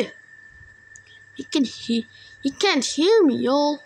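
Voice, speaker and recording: Excitable high-voiced woman gaming. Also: slow pace. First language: Indonesian. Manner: excitable, yelling taunts at other players. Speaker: gamer. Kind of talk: casual gameplay commentary.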